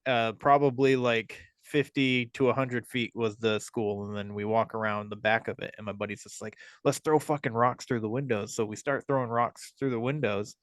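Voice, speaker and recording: A man in casual podcast chat, rambling through a story with plenty of swearing and restarts. His voice sits at a middling pitch. The sound is dry and close, with no room around it. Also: fairly even intonation, moderate pace, few pauses, fairly bright tone, no echo. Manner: rambling, heavy swearing, many fillers and restarts. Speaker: podcast host.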